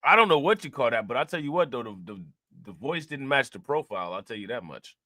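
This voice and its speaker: A man's voice: mid-range voice, sing-song, fast, sharp tone, no room sound. A man hosting a casual commentary show, reacting to news clips and talking straight to his viewers in a loose, repetitive way. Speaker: commentary channel host.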